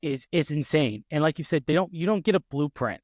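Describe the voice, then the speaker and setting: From his home office, a podcast host tells a family story in casual chat, rambling and animated with many fillers and restarts. His voice is on the high side and brisk, captured in clean studio sound without echo.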